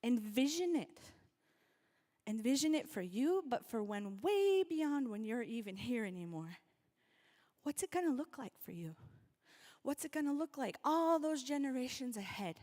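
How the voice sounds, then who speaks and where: A woman's voice: high-pitched, very animated, normal speed, a little mellow. A woman from North Dakota giving a rally speech, calling out to the crowd and leading the audience through a reflection. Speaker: event speaker.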